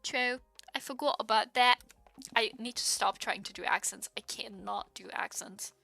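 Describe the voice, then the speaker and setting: A young woman streamer chatting casually with her viewers while she plays, giggling often and breaking into excited exclamations. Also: fairly high pitch, moderate pace, creaky, dry recording, soft background music.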